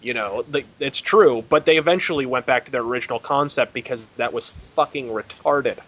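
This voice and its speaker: A man co-hosting a podcast, animated and quick to laugh. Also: mid-range voice, lo-fi sound. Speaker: podcast co-host. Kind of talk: casual podcast banter.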